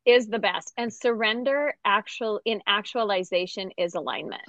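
A woman's voice: mid-range voice, normal speed, fairly bright tone, no echo, highs cut off. A woman co-hosting a casual faith chat, speaking in a reflective, emotional way. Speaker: podcast co-host.

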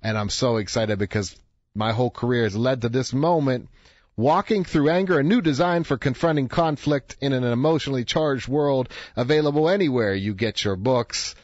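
A man in a radio studio, talking to his listeners in a relaxed, chatty way. His voice sits mid-range and the sound is dry and a little muffled, with no room around it. He acts out the people in his stories as he tells them. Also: mid-range voice, moderate pace, no echo. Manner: conversational storytelling, acts out quoted voices. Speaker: radio talk show host. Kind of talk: radio talk monologue.

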